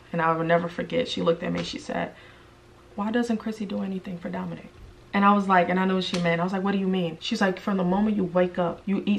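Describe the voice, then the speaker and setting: A young woman vlogging to camera, telling a personal story bluntly, her voice rising when she quotes people and dropping low and quiet when she confides. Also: vocal fry. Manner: blunt and direct, swinging between raised animated quotes and low quiet confiding.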